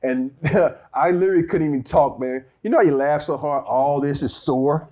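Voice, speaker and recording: A man's voice: on the high side, moderate pace. A man telling stories as an interview guest, laughing often, recorded in an outdoor courtyard before a live audience. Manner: laughs often, animated storytelling. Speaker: guest, former basketball player. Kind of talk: casual storytelling interview.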